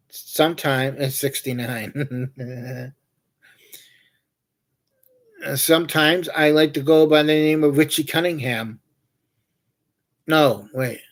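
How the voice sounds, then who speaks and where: Guy rambling on his livestream, slow and goofy, kinda high voice. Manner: joking, anecdotal, meandering. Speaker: livestream host. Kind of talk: casual rambling chat.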